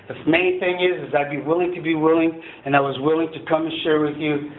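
A man sharing his recovery story at a meeting, animated and swearing, often asking "right?". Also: on the high side, slight background noise. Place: meeting hall. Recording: echoey hall over a tinny phone-like line.

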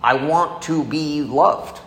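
A man's voice: a little high, slow pace, fairly bright tone. Candid man telling his story in an echoey hall. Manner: candid, emotional storytelling, acting out quoted voices. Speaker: speaker sharing a recovery story. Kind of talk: personal testimony to an audience. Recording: echoey hall, faint ambience.

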